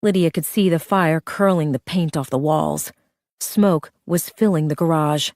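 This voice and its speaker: A woman's voice: deep voice, unhurried, darkish tone, no room sound, clean studio sound. A woman narrating a thriller audiobook with a tense, urgent reading.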